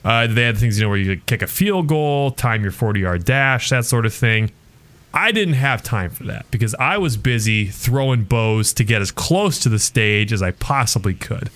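A man co-hosting a sports podcast, telling a long story in a rambling, animated way with lots of fillers. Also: mid-range voice, moderate pace. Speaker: podcast co-host. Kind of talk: casual storytelling chat.

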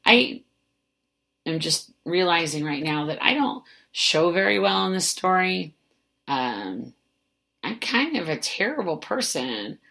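Low-voiced woman podcast host; rambling, self-mocking solo storyteller who swears casually and fills with "like". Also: very animated, slow, gravelly, pushed and bright.

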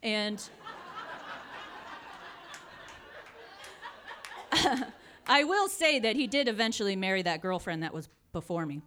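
A woman in her forties telling a funny personal story in a casual, animated way, often laughing and acting out the people in it. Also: mid-range voice, fairly quick, few pauses.

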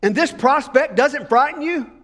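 A man's voice: very high voice, expressive, moderate pace, a bit bright, in a large hall, voice pushed up. A man voicing a boastful, menacing male devil who makes grandiose threats.

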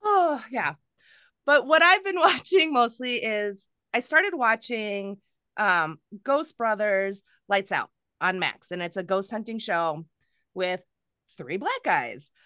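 A woman's voice: mid-range voice, expressive, slow, sharp tone, no echo, studio quality. A woman hosting a podcast in casual chat, candid and a little profane, laughing often as she talks. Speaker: podcast host.

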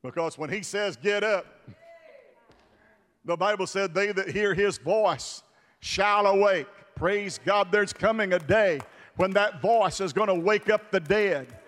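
Fervent high-voiced male preacher. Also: measured pace. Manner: fervent, swings from hushed to shouting. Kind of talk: sermon. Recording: long hall reverb of a church.

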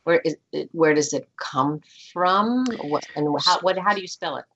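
A woman minister with a remarkably deep, low voice reflects thoughtfully in conversation, leaning on frequent fillers. The recording sounds dull and lo-fi. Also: moderate pace, a little hiss or hum. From United States. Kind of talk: casual spiritual conversation.

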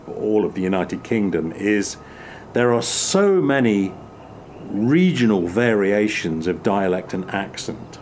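A man with a Midlands English accent chats reflectively at a table in a lowish, slow voice with slight hiss or hum. He often restarts his sentences, breaking into animated bursts during this casual conversation.

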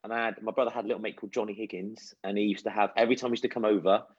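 Husky-voiced man, chatty coach. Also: lowish voice, racing, no echo. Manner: chatty, anecdotal, animated storytelling. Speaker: children's nutrition and fitness coach. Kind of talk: casual interview answers. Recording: dull, lo-fi sound.

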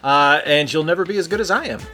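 A man's voice: a little high, fast, bright, forceful tone, soft background music. A man co-hosting a comedy podcast, running the rundown with mock-boastful wisecracks. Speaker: podcast co-host. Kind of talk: casual comedy banter.

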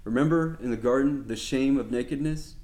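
A man's voice: medium pitch, brisk, darkish tone. A man teaching a sermon, speaking earnestly with many restarts, then reading scripture aloud. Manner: reads scripture aloud steadily. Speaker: Bible teacher.

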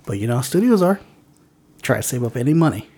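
A medium-pitched, slightly mellow male voice swings widely in pitch and moves fast. As co-host of an easygoing podcast, he reads out news stories with many fillers and stumbles.

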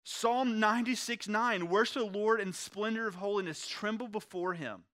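Guy pastor preaching in church, highish bright voice, chatty sermon w/ scripture reading. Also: normal speed. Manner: conversational preaching, reads scripture aloud.

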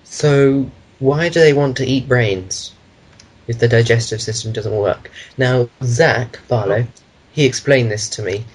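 A man's voice: medium pitch, unhurried, slightly rough, poor audio. A man co-hosting a casual podcast chat, rambling through meandering explanations of his own ideas. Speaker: podcast co-host.

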